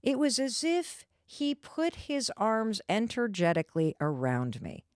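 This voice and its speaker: A woman host telling a personal story in a lively, animated, confiding way, talking straight to the listener. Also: a little high, measured pace, no room sound, clean studio sound.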